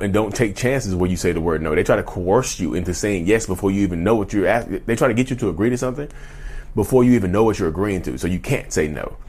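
A man's voice: low-pitched, darkish tone, husky. A man in his thirties from North Carolina with a Southern drawl, ranting emphatically and bluntly to his viewers, with profanity and lots of y'all. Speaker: YouTube channel host. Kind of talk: unscripted rant to camera.

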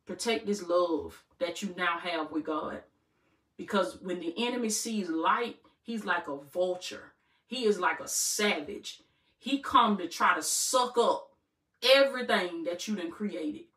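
A woman life coach preaches a faith-based motivational talk, repeating her lines in call-and-response fashion. Her voice is bright and cutting. The sound is roomy and a little far from the mic. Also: lowish voice. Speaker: life coach and channel host. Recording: roomy room, distant mic.

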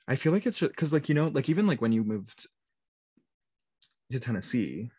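Casting: husky co-host, animated pitch, teasing banter. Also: normal speed, no room sound, clean studio sound. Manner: teasing, laughs often. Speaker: podcast co-host. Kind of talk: casual podcast banter.

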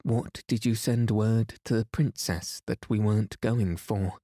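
A man's voice: on the low side, steady tone, unhurried, dark tone, no echo, studio quality. A man reading a sickly, agitated young painter.

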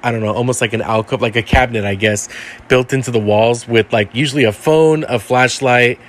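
A man's voice: medium pitch, fairly quick. Male guest, casual rambling storyteller, everyday voice. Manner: rambling, lots of fillers and "like".

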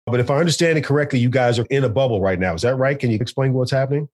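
A male sports broadcaster hosts a podcast in a chatty, animated style, dropping fillers as he goes. His voice is mid-range in pitch, heard over a video call. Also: racing. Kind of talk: casual podcast talk and interview.

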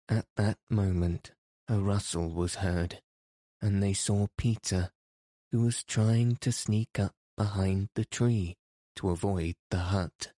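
This audiobook narrator speaks in a lowish voice, keeping his storytelling steady and measured. The sound is clean studio quality and dry.

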